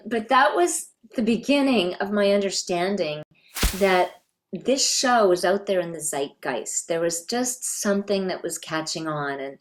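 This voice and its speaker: A middle-aged woman from Canada, a voice actress, thoughtfully telling stories in an interview. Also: lowish voice. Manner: reflective, thoughtful storytelling. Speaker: voice actress guest. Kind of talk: reminiscing interview.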